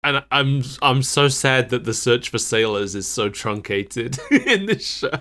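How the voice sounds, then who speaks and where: A man's voice: medium pitch, expressive, a little slow, sharp tone. Guy cohosting a chill podcast, laughs a lot, lists voice actors. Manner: laughs often, recites cast trivia. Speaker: podcast co-host. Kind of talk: casual chat.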